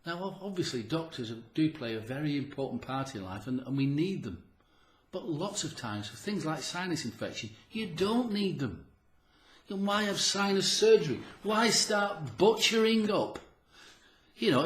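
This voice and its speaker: A man's voice: a little high, reverberant. A man giving an earnest, repetitive health talk to the viewer, often stammering on restarts and acting out what people say to themselves. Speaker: herbalist presenter. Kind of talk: direct-to-camera health talk.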